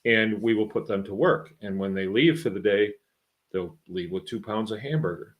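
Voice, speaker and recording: A man's voice: lowish voice, moderate pace. A middle-aged man hosting his own farm show, talking in a folksy, rambling, conversational way with lots of fillers. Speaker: podcast host and farmer. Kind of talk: casual monologue.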